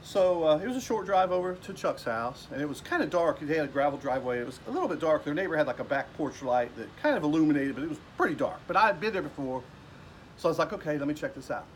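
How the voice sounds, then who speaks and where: A man recounts a story from his past in a loose, rambling way, slipping into the voices of the people he quotes. His voice sits a bit higher than most men's. A faint background hiss runs under the recording. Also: expressive, fast talker. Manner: rambling, with fillers and restarts, acting out quoted people. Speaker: vlogger telling a personal story. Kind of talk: casual storytelling. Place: at home.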